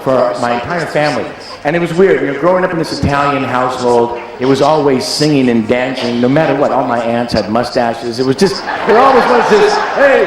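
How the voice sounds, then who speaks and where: A man's voice: mid-range voice, long reverb tail, noisy background. A man in his sixties telling a long, rambling anecdote, acting out voices and sounds as he digresses. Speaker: guest storyteller.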